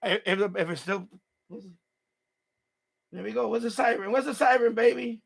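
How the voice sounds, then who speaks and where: High, gravelly man ranting angrily. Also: normal speed. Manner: angry, profane, repetitive ranting. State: mad. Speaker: ham radio livestream host. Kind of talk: unscripted livestream rant.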